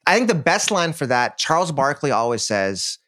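A man's voice: a little high, big pitch swings, normal speed, fairly bright tone, no room sound, clean studio sound. A man co-hosting a podcast, talking casually and with enthusiasm, building his points with stats and comparisons. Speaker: podcast co-host. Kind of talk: casual basketball chat.

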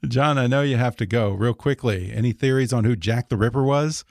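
A man's voice: medium pitch, fairly quick, dry recording. Male podcast host, dry close sound. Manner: brief, steady prompts and read-out closing. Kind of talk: interview and show outro.

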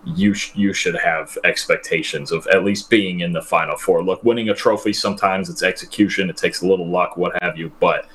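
A man co-hosting a sports podcast, giving measured analysis with frequent restarts. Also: low-pitched, fairly even intonation, fairly bright tone, slight background noise.

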